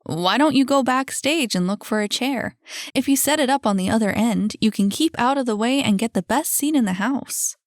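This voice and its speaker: A woman voicing a brisk, friendly woman who manages a club, emphatic and quick to exclaim. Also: fairly high pitch, dry recording, clean studio sound, voice pushed up, lightly acted.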